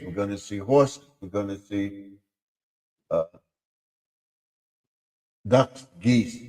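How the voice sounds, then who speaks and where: A man's voice: lowish voice, a little mellow, in a large hall. A man hosting a casual live stream, rambling about his plans and trying out silly voices.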